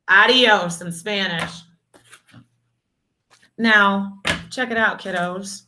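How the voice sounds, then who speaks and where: A woman teaching a video lesson to young children, speaking in a slow, encouraging, sing-song way and calling them her dears and superstars. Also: medium pitch, sharp tone, a little hiss or hum. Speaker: kindergarten teacher.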